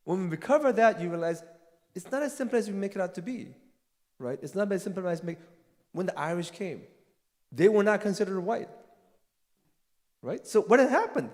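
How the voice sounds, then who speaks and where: Animated high-voiced man in a hall. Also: fairly quick, long pauses. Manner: animated, laughs often, tags with "right?". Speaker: guest speaker, theologian. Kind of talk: animated Q&A answer at church forum. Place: church hall forum.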